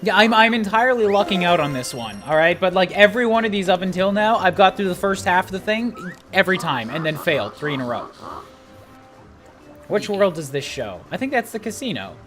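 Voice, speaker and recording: A man's voice: high voice, fairly quick. A man streaming a video game live, joking and commenting animatedly with his co-players. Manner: animated, joking, laughs often. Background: game music.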